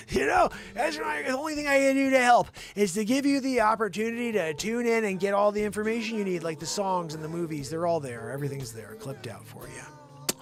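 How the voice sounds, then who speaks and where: High-voiced man hosting a livestream chat. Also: a little fast, over music. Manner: animated, loud shout-outs to viewers. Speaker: host. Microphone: desk mic.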